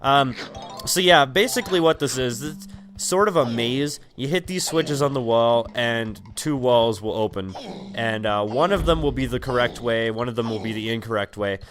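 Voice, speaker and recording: Young man, let's play commentary, rambling, swears a lot, mid pitch, game music behind. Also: moderate pace, a bit bright. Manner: rambling, many ums and likes, swears often. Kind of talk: casual gameplay commentary.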